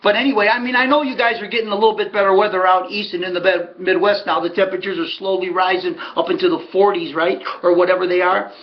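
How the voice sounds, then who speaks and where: A man's voice: sits high, flat delivery, fast talker, few pauses, muffled recording. A middle-aged American man rambling through a casual monologue, telling stories with folksy asides. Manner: chatty storyteller, folksy asides. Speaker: horse racing handicapper and host.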